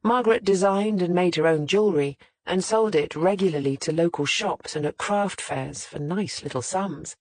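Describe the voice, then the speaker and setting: An audiobook narrator reading a mystery novel in a measured, even way, close to the mic. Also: mid-range voice, no room sound. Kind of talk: scripted narration.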